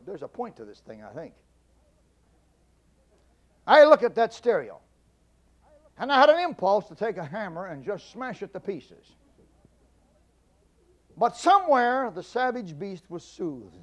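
A middle-aged man giving a humorous storytelling speech, folksy and animated, stammering and repeating himself for effect. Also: high voice. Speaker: public speaker.

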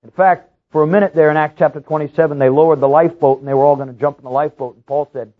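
A man preaching a sermon as pastor. He tells stories with sudden rises in pitch and repeats key phrases for emphasis. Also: rapid-fire, few pauses. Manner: storytelling with lively rises in pitch. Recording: tinny, phone-like sound.

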